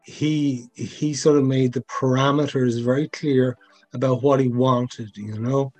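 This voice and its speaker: A man's voice: mid-range voice, fairly even intonation, unhurried, a little mellow, soft background music. A man, a sound designer, talking in a chatty way full of fillers and asides in a podcast interview. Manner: chatty, many fillers, asks for agreement.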